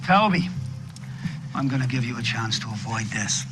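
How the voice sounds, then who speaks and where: A man's voice: medium pitch, expressive, normal speed, close to an everyday voice, rough recording. An actor playing a cruel male plantation overseer who barks harsh repeated orders, in a film clip with a music score. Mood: menacing.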